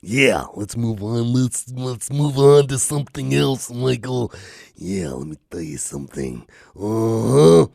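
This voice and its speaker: A man putting on the voice of a gruff male sidekick who chats with him on his podcast. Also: mid-range voice, lively intonation, unhurried, a little mellow, dry recording, studio quality.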